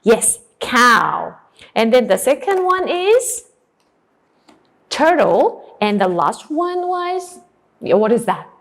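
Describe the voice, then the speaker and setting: A young woman leading a children's English demo class with exaggerated, emphatic delivery and quick cheerful praise, then briefing fellow teachers. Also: fairly high pitch, sing-song.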